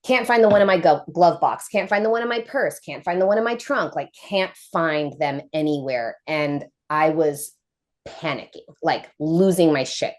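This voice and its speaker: A woman in her thirties, a podcast guest telling a personal story in a casual, animated way, acting out quoted voices. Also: low-pitched, moderate pace. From United States.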